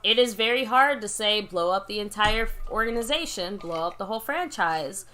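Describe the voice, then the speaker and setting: A woman's voice: medium pitch, lively intonation, normal speed, bright, forceful tone. A woman co-hosting a fan watch party, reacting bluntly and sarcastically to a game and reading viewer comments aloud. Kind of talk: casual live game reaction.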